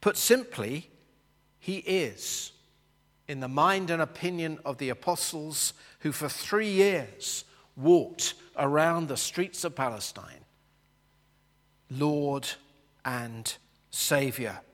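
A man teaching a Bible lesson, talking slowly and explaining patiently as he sketches a map for the class. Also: fairly high pitch, lively intonation, fairly bright tone, big-room sound.

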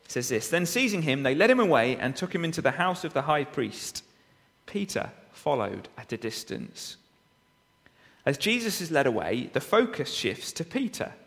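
Man preaching with lively pitch, in a hall. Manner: expository preaching, rhetorical tag questions. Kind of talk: sermon. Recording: long reverb of a hall.

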